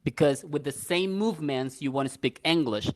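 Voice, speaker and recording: A man's voice: on the high side, moderate pace. Chatty male stream host. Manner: conversational, agreeing often, storytelling. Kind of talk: casual chat reading viewer questions.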